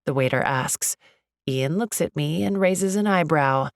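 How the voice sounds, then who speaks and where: A woman narrating a romance audiobook in the first person, with an expressive, chatty delivery. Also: deep voice, measured pace, dry recording, studio quality. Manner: expressive, chatty, lively inner monologue.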